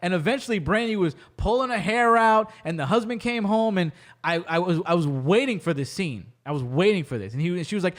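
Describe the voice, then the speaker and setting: A man's voice: high voice, expressive, fairly quick, hardly any pauses. A young man hosting a podcast, animatedly retelling a movie in casual chat and acting out the characters' lines. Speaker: podcast host.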